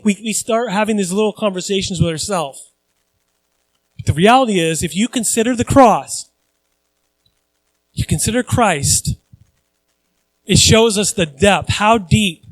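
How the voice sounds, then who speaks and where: A man's voice: high voice, moderate pace, no room sound. A male pastor preaching a conversational sermon, earnest and repeating phrases for emphasis.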